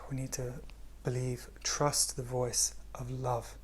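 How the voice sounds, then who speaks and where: Male spiritual teacher, gentle and slow, hushed delivery, mid pitch. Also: flat delivery, slight background noise. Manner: gentle, unhurried, often drops to a hush. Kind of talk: spiritual talk.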